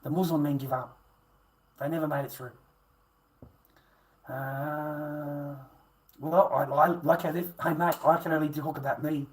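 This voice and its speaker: A man's voice: fairly high pitch, fairly even intonation, measured pace, pauses often, rough recording. A middle-aged man ranting crudely on a livestream, swearing constantly and taunting viewers. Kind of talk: profane livestream rant.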